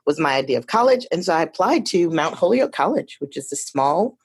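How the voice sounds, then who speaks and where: Interview guest, woman in her 50s from Detroit, lower voice, chatty storyteller with asides. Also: very animated, brisk, husky. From Detroit, USA. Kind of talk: casual storytelling conversation.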